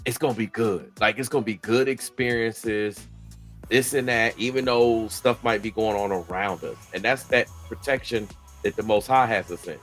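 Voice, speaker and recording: A man's voice: lowish voice, moderate pace, a bit bright, faint music behind. A man hosting a casual chat, speaking earnestly about scripture and faith. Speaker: host of a faith-based talk channel.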